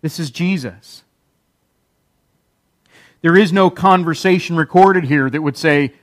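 A man's voice: a little high, no room sound. Emphatic preaching man, dry sound. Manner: emphatic preaching with repetition and dramatic pauses. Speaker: pastor. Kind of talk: sermon.

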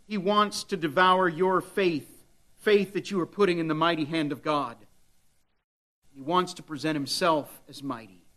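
A man's voice: a little high, a little slow, sharp tone. A man preaching a sermon with dramatic delivery, at times voicing the devil's taunts. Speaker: pastor.

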